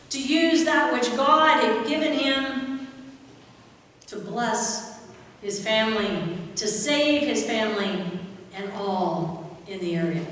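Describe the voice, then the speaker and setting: Woman pastor, sermon, lively storytelling, higher voice, distant mic, long church reverb. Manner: animated storytelling with quoted voices and rhetorical questions. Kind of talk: sermon retelling a Bible story. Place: church sanctuary. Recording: echoey church hall, mic far off.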